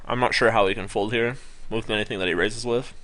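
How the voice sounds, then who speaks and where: Bright-voiced young man rambling on stream. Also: on the low side, steady tone, fast talker. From California. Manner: rambling with many ums and self-corrections. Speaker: poker streamer. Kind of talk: casual live-stream commentary.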